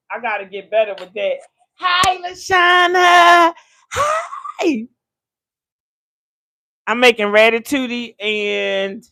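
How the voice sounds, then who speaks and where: This older woman's mid-range voice has a sharp tone, heard on a dry recording. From her home kitchen she hosts a casual livestream, cooking and chatting away as a slangy storyteller who often laughs.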